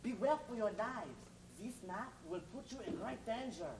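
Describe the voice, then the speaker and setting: A woman's voice: on the high side, animated, normal speed, darkish tone. A woman playing a hammy fake-French informant. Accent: mock French and German accent. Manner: hammy, theatrical. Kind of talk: amateur stage comedy. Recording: roomy stage audio from far off, noisy.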